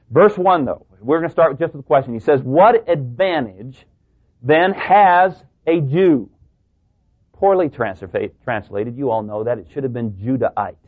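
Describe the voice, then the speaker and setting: Man preaching over a tinny line. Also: medium pitch. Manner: conversational preaching with rhetorical questions and asides. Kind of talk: sermon. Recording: tinny phone-like sound.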